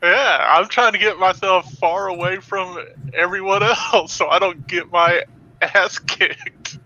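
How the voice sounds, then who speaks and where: A man's voice: sits high, takes it slowly, pushed and bright. A man playing a tabletop game, chatting casually and laughing easily. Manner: laughing, easygoing. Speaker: player. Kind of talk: casual role-play chat. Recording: muffled, faintly noisy mic.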